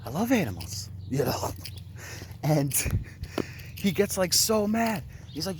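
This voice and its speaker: A young man with a slightly high voice tells a story while walking outdoors, lively and amused, quoting both sides of a quarrel. It sounds like phone audio outdoors, with faint background noise. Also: unhurried, pauses often. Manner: animated, laughing, retells with quoted voices. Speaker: vlogger. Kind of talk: casual storytelling. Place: outdoors on a walk.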